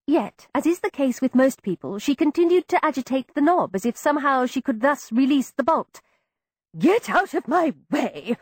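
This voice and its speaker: A woman giving expressive first-person narration of an audiobook, voicing each character. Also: high voice, a little fast, few pauses, no echo, clean studio sound.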